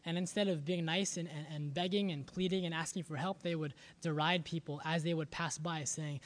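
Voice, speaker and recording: A man's voice: a little high, fairly even intonation, brisk, hardly any pauses. A man preaching a sermon as a pastor, earnest and often repeating words as he searches for the next thought.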